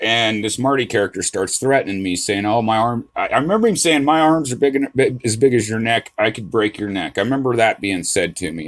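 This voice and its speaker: A middle-aged man vlogging about card collecting, telling a story in a casual, animated way with restarts, swearing and a lot of "right?". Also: fairly low pitch.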